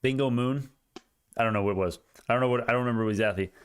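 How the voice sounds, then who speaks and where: A young man hosting a casual stock market livestream, talking in an excitable, rambling way with many restarts. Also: medium pitch, rapid-fire, smooth.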